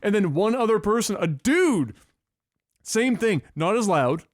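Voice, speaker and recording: A young man telling a story on a podcast in a casual, profane, animated way. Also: high-pitched, a little slow, no echo, clean studio sound. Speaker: podcast co-host.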